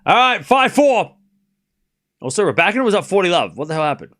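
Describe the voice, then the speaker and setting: A man hosting a live tennis watchalong, giving informal play-by-play that rises to excited shouts on big points. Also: high-pitched, brisk. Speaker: host calling a live watchalong stream.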